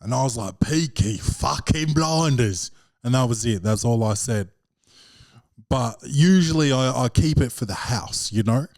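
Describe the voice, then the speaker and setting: A man's voice: mid-range voice, moderate pace, a little mellow, no room sound, clean studio sound. An Australian man hosting a podcast as a comedian, rambling and profane, peppering his talk with slang. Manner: profane, rambling storyteller, slangy with repeated "bro". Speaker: podcast host and stand-up comedian. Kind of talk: casual rambling monologue.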